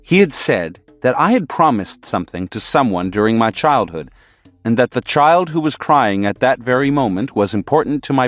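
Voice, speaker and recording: A man's voice: mid-range voice, dry recording. Man narrating an audiobook, dry and close. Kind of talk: scripted first-person narration.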